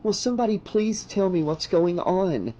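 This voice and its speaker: A soft, timid teenage girl who stammers and trails off, voiced by a male audiobook reader. She sounds shy and unsure of herself. Her voice sits higher and quieter than his narration. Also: expressive, moderate pace, highs cut off. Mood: alarmed.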